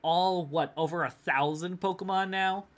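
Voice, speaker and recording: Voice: mid-range voice, fairly even intonation, moderate pace. A friend on a game stream, explaining things in a rambling, hesitant way with lots of fillers. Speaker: friend and co-player. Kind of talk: casual gaming chat.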